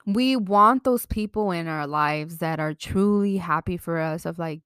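Young woman, bilingual vlogger, frank and chatty with a fairly low voice, recorded dry and close. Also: a little slow, hardly any pauses, a bit bright, clear, resonant tone, no room sound. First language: bilingual, slips into Mexican Spanish. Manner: chatty, frank, swears freely, laughs at herself. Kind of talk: casual advice talk to camera.

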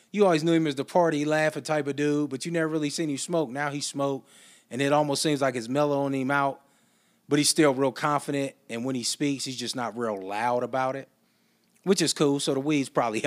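A man talking through a casual solo podcast with a voice pitched a little above the usual. His delivery is loose and chatty, full of slang and side remarks as he tells a story. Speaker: podcast host.

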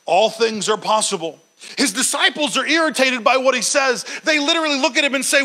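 High bright-voiced male preacher. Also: fairly quick, rough recording. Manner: animated storytelling, acting out quoted lines; occasional stumbles and restarts. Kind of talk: sermon.

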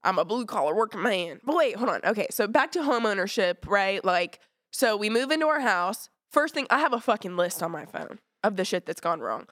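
A woman's voice: medium pitch, very animated, fairly quick, fairly bright tone, dry recording, clean studio sound. A woman hosting a podcast, chatting casually, rambling and swearing freely. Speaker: podcast host.

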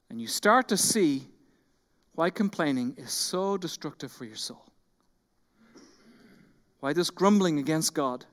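A man preaching a sermon as pastor, animated, acting out quoted complaints and then dropping into quiet intensity. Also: sits high, normal speed. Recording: long hall reverb.

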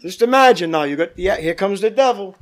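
A man's voice: sits high, lively intonation, fairly quick. A male pastor leading a Bible study, teaching emphatically, repeating points and asking the group questions.

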